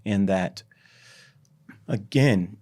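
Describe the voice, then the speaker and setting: A man guest on a podcast, telling a history story in an animated, drawn-out way. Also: fairly low pitch. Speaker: startup CEO, podcast guest. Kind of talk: conversational storytelling.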